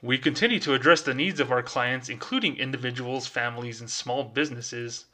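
Guy doing his fake professional banker voice, formal and smooth, kinda bright. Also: mid-range voice, fairly quick. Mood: formal, measured. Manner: polished, formal professional phone voice. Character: smooth corporate bank executive reading a letter.

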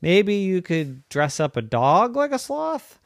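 A man's voice: high voice, big pitch swings, slow pace, gravelly, no echo, clean studio sound, pitched above the performer's own voice, exaggerated voice. A man voicing a patient, puzzled pet store clerk who offers pets in a chatty, doubtful way. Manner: doubtful, chatty salesman questions.

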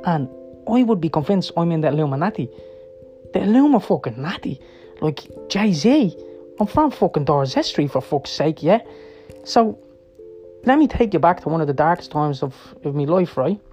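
Middle-aged man, rough-edged storyteller, raised pitch, rapid rambling delivery, faint music bed. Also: very animated, a little mellow. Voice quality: heavy swearing, blunt and emphatic. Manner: rapid, rambling, seeks agreement with "right?" and "yeah?". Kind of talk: personal storytelling monologue.

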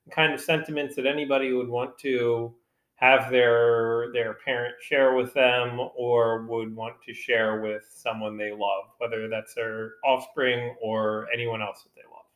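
A man talks about films in an emphatic, wry way. His voice is bright and forward. The recording has a roomy echo. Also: mid-range voice, little pitch movement, unhurried. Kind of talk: casual film review chat.

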